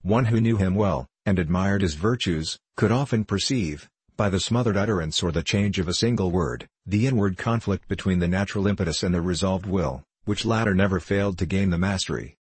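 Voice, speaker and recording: A man reads classic literature aloud in a steady, formal, unhurried manner. His voice is low and somewhat husky, and the recording is close and dry with no room sound. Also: no room sound. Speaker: audiobook narrator. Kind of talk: scripted narration of a classic novel.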